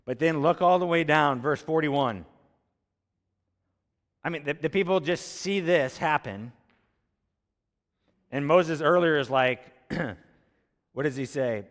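Delivering an expository sermon at a measured pace with long pauses, this high-voiced man reads from scripture and speaks in a conversational tone. He asks rhetorical questions only to answer them himself, and the hall adds a long reverb.

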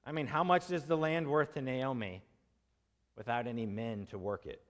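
A man's voice: mid-range voice, steady tone, normal speed, in a large hall. A man preaching an expository sermon in a conversational way, asking his listeners questions and acting out quotes in casual voices.

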